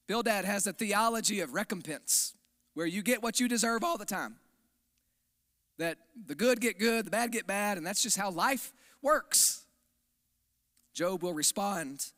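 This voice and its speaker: Guy preaching in church, high bright voice, chatty but punchy, big echoey sanctuary. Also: animated, unhurried, long pauses. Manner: conversational, emphatic, asks the audience for agreement. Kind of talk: sermon. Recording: long hall reverb.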